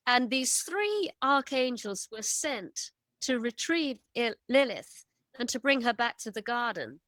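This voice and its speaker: A woman on a podcast telling an old myth in a vivid, animated conversational way, often stacking emphatic lists. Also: on the high side, measured pace, no room sound. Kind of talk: casual storytelling conversation.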